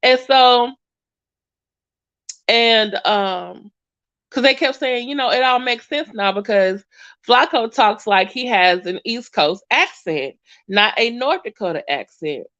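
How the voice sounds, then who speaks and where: A woman's voice: fairly high pitch, animated, slow, fairly bright tone. A woman giving casual reaction commentary, chatty and hesitant with many fillers. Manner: chatty, hesitant, lots of ums. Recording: dull lo-fi audio.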